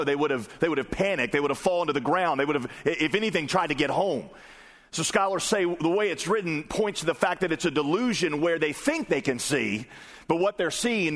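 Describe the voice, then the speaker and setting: A man's voice: a little high, a bit bright. A man preaching a sermon in a conversational way, acting out the voices in the story he reads. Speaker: pastor.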